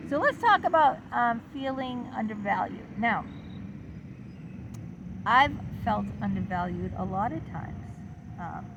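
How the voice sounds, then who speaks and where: A woman's voice: on the high side, very noisy. A middle-aged woman talking to camera in a casual, rambling vlog, wandering off topic as she goes. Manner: rambling, chatty, digressive. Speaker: channel host.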